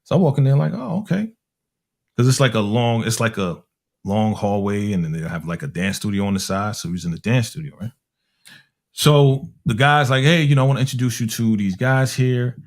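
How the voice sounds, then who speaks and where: Animated storytelling man from Harlem. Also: on the low side, brisk. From Harlem, New York. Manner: animated, acts out other people's voices with slang. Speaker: music producer telling a story. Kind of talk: casual storytelling.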